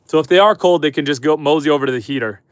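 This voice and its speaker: A man from Canada hosting a homesteading livestream with a head cold, his voice stuffy and slightly hoarse, chatting upbeat with viewers and his animals. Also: a little high, racing, no echo. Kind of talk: casual livestream chat reading viewer comments. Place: chicken coop on a homestead.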